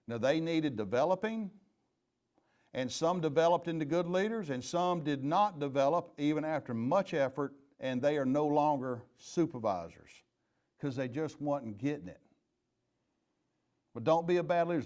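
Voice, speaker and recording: A man's voice: fairly high pitch, normal speed, a little mellow. Earnest man, retired police chief. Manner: earnest, candid storytelling with plain folksy phrasing. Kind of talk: leadership training talk.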